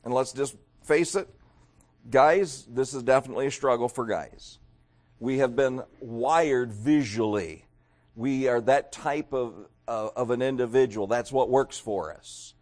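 A middle-aged man preaching a sermon, talking straight to his congregation and swinging from loud emphatic peaks to quieter asides. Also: mid-range voice. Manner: emphatic preaching with rising and falling loudness; addresses the congregation directly. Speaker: pastor.

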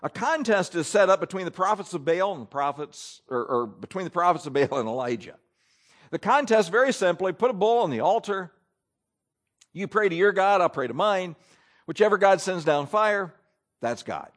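A man preaching a sermon to a congregation, folksy and animated, swinging between loud bursts and soft asides. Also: high-pitched, normal speed. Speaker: pastor.

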